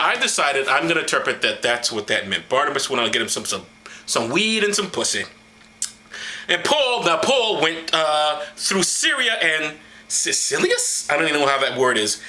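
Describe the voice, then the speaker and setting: A man's voice: on the high side, sharp tone. Profane man stumbling through a reading. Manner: stumbling, profane, mocking asides. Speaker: comedic Bible reader. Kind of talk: irreverent comedic reading to camera. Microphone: camera.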